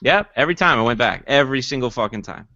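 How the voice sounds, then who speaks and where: A man hosting a podcast, telling a story in casual chat, excitable and profane. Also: mid-range voice, fast talker, no room sound. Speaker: podcast host. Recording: muffled lo-fi audio.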